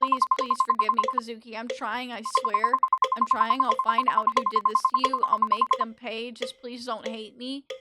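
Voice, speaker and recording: A desperate young woman in a horror game pleads and sobs, loud and tearful, as a woman puts her on. Her voice sits a touch high. Loud music plays under her. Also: flat delivery, moderate pace, hardly any pauses, natural voice. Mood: pleading. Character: desperate, sobbing young woman begging forgiveness.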